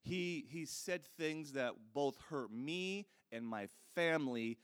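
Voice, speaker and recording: A man quoting a troubled executive who speaks quietly and haltingly during a sermon. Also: on the high side, smooth, no echo, clean studio sound. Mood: subdued.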